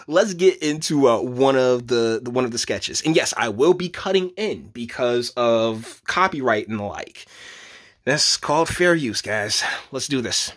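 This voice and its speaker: A man giving casual reaction commentary, rambling with many stammered restarts and jumps into high laughter. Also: a bit bright. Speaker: YouTube commentator.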